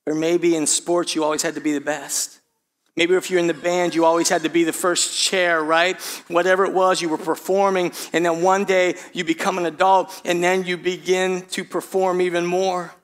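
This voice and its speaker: High-voiced man preaching a sermon. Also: flat delivery, normal speed. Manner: rhetorical questions, repeats phrases for emphasis. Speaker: pastor. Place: church sanctuary.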